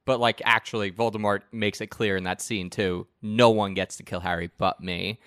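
A man's voice: on the low side, fairly even intonation, moderate pace, a bit bright, clear, resonant tone, dry recording, clean studio sound. A man chatting casually about a movie as a podcast co-host, joking and telling it with energy. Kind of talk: casual chat about a film.

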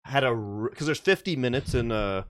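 A man's voice: medium pitch, animated, brisk, no room sound, studio quality. A man with a Canadian accent co-hosting a casual podcast, explaining things plainly and matter-of-factly. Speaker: podcast co-host. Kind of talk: casual chat.

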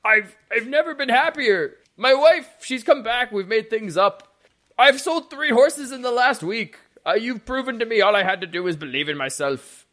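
A man voicing a grateful, excitable stable keeper in a tabletop game, his voice pushed up high and gushing. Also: normal speed, exaggerated voice. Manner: gushing, high-pitched, overjoyed.

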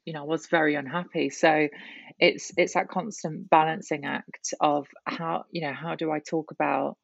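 A woman's voice: low voice, little pitch movement, moderate pace, vocal fry, no echo, highs cut off. A woman guest talking candidly in an interview, reflective and full of restarts and "you know"s. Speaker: guest, writer and columnist.

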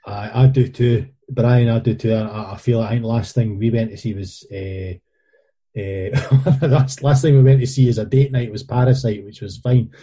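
A man's voice: medium pitch, steady tone, normal speed, warm tone, breathy edge. A Scottish man telling rambling stories in casual chat, with frequent restarts.

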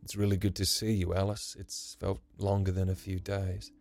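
A man voicing a nervous, remorseful grown man who speaks in a halting, earnest way. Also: low voice, completely flat delivery, vocal fry, darkish tone, faint music behind. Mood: hesitant. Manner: halting, earnest, stumbling confession.

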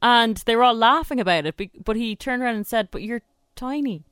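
A woman's voice: fairly high pitch, fast, a bit bright, clear, resonant tone, no room sound, clean studio sound. A woman co-hosting a radio show, chatting frankly. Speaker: radio co-host. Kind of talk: casual chat.

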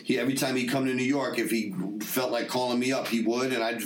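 A man's voice: medium pitch, fairly even intonation, fast, distant mic. A man in his forties, hosting a podcast and telling stories in a laid-back, profane way, laughing often. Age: 40s. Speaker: podcast host. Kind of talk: casual storytelling chat. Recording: roomy, off-mic sound.

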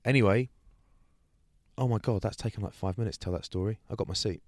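Fairly low in pitch and quick, this male podcast co-host chats casually while relating a story, bringing its people to life with acted-out voices in an animated way. The sound is dry and clean, like a studio.

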